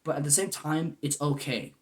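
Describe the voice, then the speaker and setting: A man's voice: on the high side, expressive, moderate pace. A man in his twenties talking to camera in a goofy yet earnest, rambling way, full of "man" and "you know". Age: 20s. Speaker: vlogger. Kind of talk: casual heartfelt monologue.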